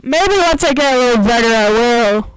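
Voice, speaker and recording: A woman's voice: fairly high pitch, expressive, moderate pace, loud music behind the voice, close to an everyday voice, poor audio. Woman doing Monika, a poised cheerful club president. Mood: sheepish.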